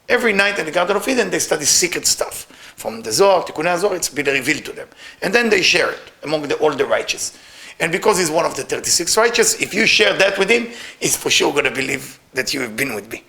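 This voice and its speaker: Animated male Kabbalah teacher in broken English, fairly high voice with lively swings. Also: fast talker. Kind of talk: storytelling lesson.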